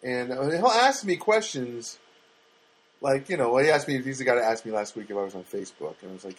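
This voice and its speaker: Sex: male. Role: solo podcast host. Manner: rambling, fired-up rants. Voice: husky, mid-pitched. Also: lively intonation, a little fast, poor audio. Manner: rambling, ranting, many restarts. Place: home studio apartment.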